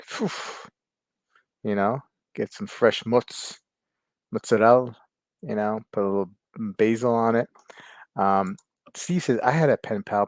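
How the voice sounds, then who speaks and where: A man hosting a casual livestream chat, rambling, laughing often, and filling pauses as he reads viewer comments. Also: fairly low pitch, no echo. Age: adult with kids. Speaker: livestream host.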